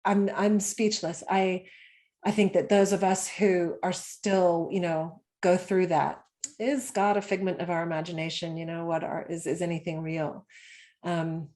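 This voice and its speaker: A woman hosting a podcast, reflecting aloud in a halting way and searching for words. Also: lowish voice, fairly even intonation, mellow. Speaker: podcast host. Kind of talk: casual interview chat.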